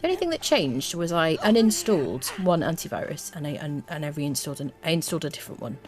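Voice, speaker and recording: Expressive and quick, this low-voiced woman keeps up casual live-stream chat with her viewers during a video game. Between remarks, she hums little tunes to herself as she plays.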